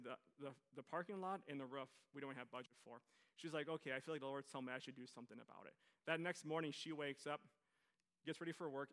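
A male pastor delivering a sermon at a church service. His voice sits high for a man and sounds bright and forward. He keeps a relaxed, conversational tone and drops in jokes for the people in the pews. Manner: conversational preaching, jokes with the congregation. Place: church service before a congregation.

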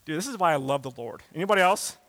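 His voice on the high side, an expressive pastor races through a relaxed, conversational sermon full of slang asides. He alternates loud emphatic bursts with quiet reflective passages, and there's no echo.

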